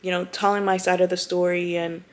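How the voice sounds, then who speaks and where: A woman's voice: lowish voice, level tone, brisk. Heartfelt young woman vlogging, near tears. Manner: heartfelt, close to tears, lots of "like" and "you know"; casual, chatty, calls viewers "y'all" and "girl". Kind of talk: emotional personal vlog talk to camera.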